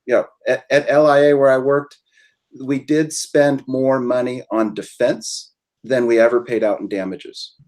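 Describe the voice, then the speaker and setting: Measured male attorney explaining. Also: mid-range voice, steady tone, darkish tone. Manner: measured, explains legal outcomes step by step. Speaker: attorney guest. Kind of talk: explanatory webinar conversation.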